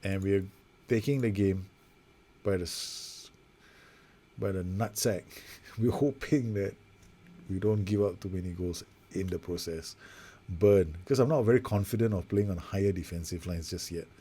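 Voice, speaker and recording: Brief: male gaming host, lowish voice, chatty and self-deprecating, calls every pass in a sim match. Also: normal speed, warm tone, breathy edge. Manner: rambling, self-mocking, narrates passes play by play. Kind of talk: casual live commentary over a football management game.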